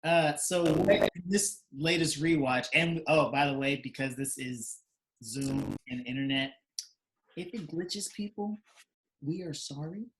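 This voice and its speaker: A man's voice: on the high side, unhurried, fairly bright tone. A man co-hosting a casual chat podcast over a remote video call, joking and bantering. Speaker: podcast co-host.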